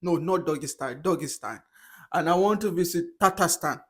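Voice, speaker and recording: A man's voice: high-pitched, fairly even intonation, fairly quick, a bit bright. A young man vlogging to the camera in a casual, hesitant way, often restarting and correcting himself.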